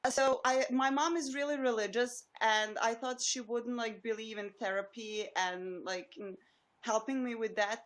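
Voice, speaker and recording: A woman's voice: on the high side, steady tone, unhurried. Hesitant woman with an Eastern European accent. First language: not English. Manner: hesitant, many fillers and restarts, earnest. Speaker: caller on a live stream.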